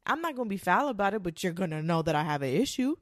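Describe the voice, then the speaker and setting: A woman's voice: medium pitch, big pitch swings, fast talker. A woman delivers a casual rant to camera, blunt and profane, hitting her points hard. Her voice sits in an ordinary middle range for a woman. The sound is dry and close, with almost no room echo.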